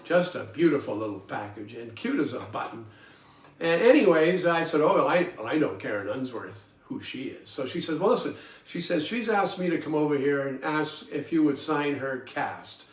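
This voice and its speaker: A man's voice: on the high side, very animated, moderate pace. A man, hosting a podcast and telling folksy, rambling stories with chuckles and fillers. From Toronto, Canada. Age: 70s. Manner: folksy, chuckling, lots of ums and uhs. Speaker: podcast host. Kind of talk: rambling personal storytelling. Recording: roomy sound from a distant mic, faint guitar music.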